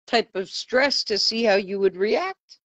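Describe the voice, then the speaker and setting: A woman's voice: medium pitch, measured pace, a bit bright, no room sound. A woman host in a casual live chat, asking probing questions and pushing her own view. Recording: dry, dull lo-fi sound.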